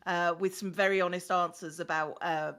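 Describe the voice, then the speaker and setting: A woman guesting on a live stream, chatting in a relaxed way and thanking viewers. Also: fairly low pitch, moderate pace. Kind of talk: casual chat.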